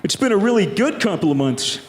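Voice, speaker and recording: Give me a young man doing dark, deadpan stand-up comedy with a high, lively voice, in an echoey room with a loud crowd. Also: brisk. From United States. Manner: dark, deadpan joke delivery.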